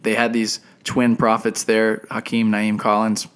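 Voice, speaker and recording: A man's voice: lowish voice, unhurried, smooth. A young man, a podcast co-host, telling a personal story in casual chat and acting out the people he quotes. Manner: animated, acts out quoted people.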